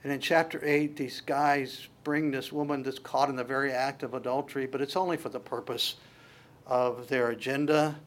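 A man preaching a sermon, animated and repetitive, stumbling through restarts and acting out voices from the text before closing in prayer. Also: mid-range voice, normal speed. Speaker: pastor.

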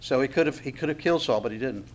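A man's voice: medium pitch, very fast. A male pastor preaching a sermon in a conversational way, repeating words and adding chuckling asides.

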